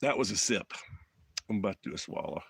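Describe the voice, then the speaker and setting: A man's voice: low voice, expressive, fast, vocal fry, a bit bright, slightly rough, no room sound. A man from Alabama with a Southern accent, rambling in a folksy way as he chats with viewers on an outdoor live stream from a phone in the mountains. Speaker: motorcycle travel vlogger. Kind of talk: casual live-stream chat.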